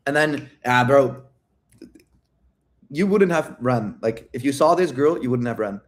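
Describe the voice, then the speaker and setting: A man's voice: mid-range voice, lively intonation, unhurried, long pauses. A brash male dating coach talking in a loose livestream Q&A. He swears freely and breaks into laughter often. His voice sits in an ordinary male range. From outside the United States. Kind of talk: casual livestream Q&A.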